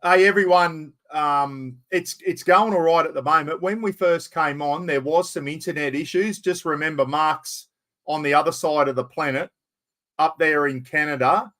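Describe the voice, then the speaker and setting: A man's voice: on the high side, moderate pace, pushed and bright. An Australian man hosting a casual live-stream chat, friendly and talkative, calling everyone mate. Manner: chatty, calls everyone mate. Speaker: host.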